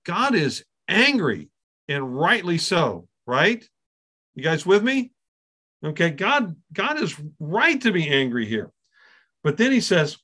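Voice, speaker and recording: A middle-aged man leads a Bible class in a relaxed, conversational way, often checking in with his listeners. His voice is bright and forward and sits a little high for a man. He often repeats a word as he restarts a thought. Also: a little slow, slightly rough. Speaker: Bible teacher.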